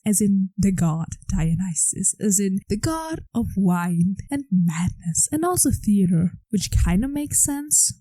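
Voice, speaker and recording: A woman's voice: medium pitch, mellow, no room sound, low-quality recording. A woman hosting a podcast, chatting enthusiastically through an episode recap with lots of "like" fillers. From grew up on a farm. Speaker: podcast host.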